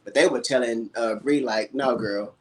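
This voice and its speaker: A man's voice: mid-range voice, normal speed, a crowd in the background. A man co-hosting a casual reality-TV review chat, giving blunt, opinionated takes in a matter-of-fact way. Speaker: podcast co-host.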